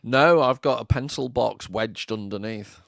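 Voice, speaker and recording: A man co-hosting a casual chat over a video call, deadpan and dry with his innuendo. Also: mid-range voice, measured pace, creaky, dry recording. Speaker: podcast co-host.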